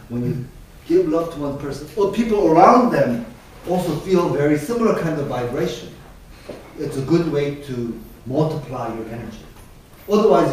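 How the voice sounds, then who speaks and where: Professor lecturing in an echoey classroom. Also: male voice, on the high side, a little mellow. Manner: conversational, keeps checking in with "right?". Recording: very echoey classroom, mic far off, faint hiss.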